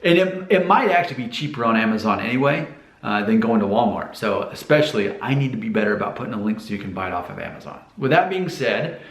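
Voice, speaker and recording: A man's voice: fairly low pitch, expressive, fast talker. Chatty American man in an echoey room. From United States. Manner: chatty, self-promoting, rambling with fillers. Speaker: vlogger giving hair advice. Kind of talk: casual talking-head vlog.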